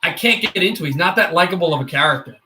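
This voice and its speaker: A man chatting on a hockey livestream in a high, bright voice. He rambles and cuts himself off. The sound echoes around a hard room. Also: lively intonation, very fast. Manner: rambling, self-interrupting, bursts into shouted play-by-play calls. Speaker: livestream host. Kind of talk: casual hockey watch-along chat.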